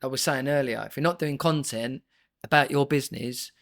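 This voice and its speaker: A man's voice: medium pitch, fairly quick, a bit bright. Chatty man, friendly podcast guest. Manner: chatty, friendly, leans on fillers like "mate". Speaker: podcast guest, graphics company boss. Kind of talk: casual podcast chat.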